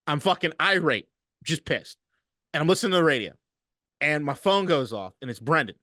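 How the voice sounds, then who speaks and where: A man co-hosting a casual sports podcast, telling stories in a profane, animated way. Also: fairly high pitch, a little fast, dry recording, studio quality. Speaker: podcast co-host.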